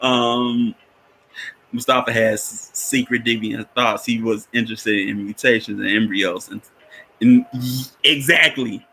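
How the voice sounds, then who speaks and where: A man's voice: medium pitch, fairly even intonation, measured pace, sharp tone, breathy edge. A man giving casual film commentary as a spiritual teacher, rambling with many restarts and frequent chuckles.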